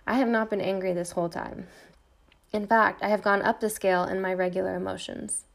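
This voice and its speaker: A woman's voice: mid-range voice, fairly even intonation, fairly quick, gravelly. A middle-aged woman hosting a podcast, delivering an intense, defiant personal monologue with repeated refrains. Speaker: podcast host. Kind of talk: personal monologue, read from a script.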